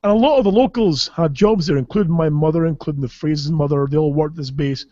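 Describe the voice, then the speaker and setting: With a warm, high-leaning voice and a quick pace, a Caithness podcast host with a Scottish accent tells casual comic stories that wander and swear freely, laughing throughout. The audio is dull, with no room sound.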